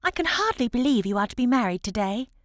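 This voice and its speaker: Cheerful young lady in a storybook, girlish and chatty, higher and lively in pitch, played by a woman narrator. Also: fast talker, dry recording, clean studio sound.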